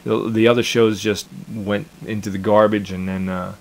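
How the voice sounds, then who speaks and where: Rambling man, low voice. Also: flat delivery, moderate pace, gravelly. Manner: rambling, repeats words, chuckles. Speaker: cartoon creator. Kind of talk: casual interview chat.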